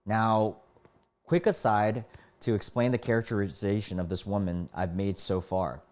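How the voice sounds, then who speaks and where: A man's voice: lowish voice, normal speed, a little mellow. A man streaming live, reading stories aloud and breaking off to react and greet his chat.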